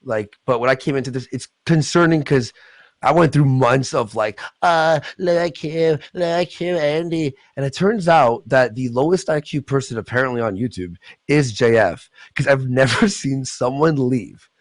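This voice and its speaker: A man hosting a livestream, ranting in a rambling, profane, excitable way. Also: medium pitch, moderate pace, no echo. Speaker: livestream host. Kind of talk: casual livestream chat.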